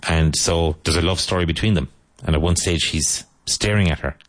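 A man hosting a live English lesson, repeating each question and answer slowly so learners can follow. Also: deep voice, no echo.

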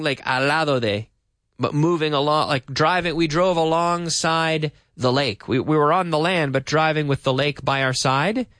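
A man's voice: fairly high pitch, fairly bright tone, dry recording, studio quality. Canadian man teaching English on radio. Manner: friendly, explaining slowly with examples, reading listener messages. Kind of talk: live radio English lesson. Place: radio studio.

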